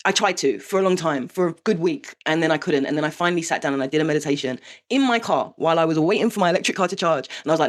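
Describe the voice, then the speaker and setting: A woman speaks straight to her viewers in a raw confessional vlog. She talks fast and bluntly, swearing freely and laughing ruefully now and then. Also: sits low, animated. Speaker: vlogger. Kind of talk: candid confessional monologue.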